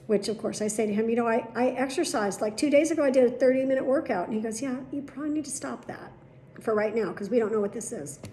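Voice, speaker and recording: A woman's voice: on the high side, warm tone, echoey room, a little hiss or hum. A middle-aged woman vlogging casually, telling a long story with plenty of swearing and acted-out dialogue. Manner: chatty, swearing, retelling dialogue. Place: at home.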